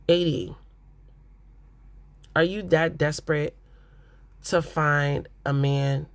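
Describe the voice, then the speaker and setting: A reality TV recap host talks straight to the viewer with blunt, exasperated opinions and loose, chatty phrasing. The voice sits at a middle pitch and comes through dry and close, with no room sound around it. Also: slow pace, gravelly, a bit bright, dry recording. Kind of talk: casual recap commentary.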